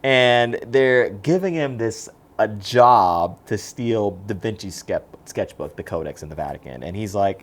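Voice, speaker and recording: A man's voice: lowish voice, a little slow. A man co-hosting a podcast, chatting casually and retelling a film scene by scene. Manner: animated scene-by-scene retelling, acts out lines in voices. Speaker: podcast co-host. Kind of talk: casual movie chat.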